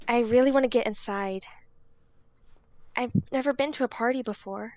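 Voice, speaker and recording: A woman's voice: on the high side, moderate pace, a little mellow, no echo, voice pushed up, natural voice. A woman voicing an eager, friendly young hippie girl in a tabletop game.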